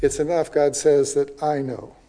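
A man with a notably high voice preaches a Bible-teaching sermon. He is earnest and keeps asking his listeners "okay?" or "right?". He slows down to read scripture with weight. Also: level tone, warm tone. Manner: reads scripture aloud slowly with emphasis. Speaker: pastor.

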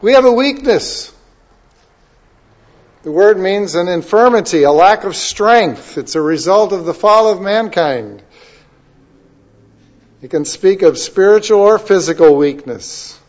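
High-voiced man preaching a sermon. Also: measured pace, pauses often, dull audio. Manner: conversational, expressive preaching with wide swings in loudness. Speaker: pastor.

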